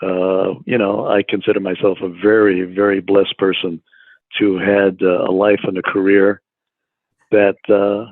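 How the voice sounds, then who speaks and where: An elderly man in his eighties talks through a thin, phone-like line, his voice lowish and dry. He goes slowly, stumbling over repeated words and filling gaps with "uh" as he answers interview questions. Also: flat delivery, dry recording. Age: 80s. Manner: slow, halting, repeats words with many fillers. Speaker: interview guest, animator. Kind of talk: casual interview. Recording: phone-like remote call audio.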